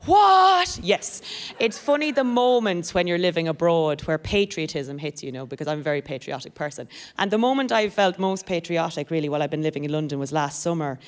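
A woman with an Irish accent performing a stand-up comedy set on stage before a live audience, talking quickly and breaking into loud squeals. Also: low-pitched, animated. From Ireland.

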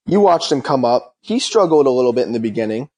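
A man's voice: mid-range voice, big pitch swings, quick pace, a little mellow. A young man hosting a casual interview, talking eagerly and at length. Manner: eager, talkative. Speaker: host.

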